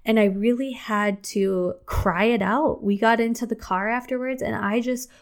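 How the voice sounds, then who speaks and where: A woman's voice: fairly even intonation, normal speed. Young female podcast host, candid, conversational, talks straight to the listener. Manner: candid, chatty, acts out her own outbursts in a higher voice. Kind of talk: casual solo podcast talk.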